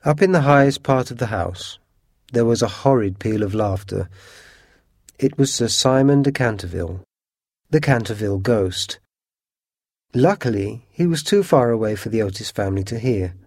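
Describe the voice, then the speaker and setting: A man narrating a storybook in a measured, expressive reading. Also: on the low side, dry recording, clean studio sound.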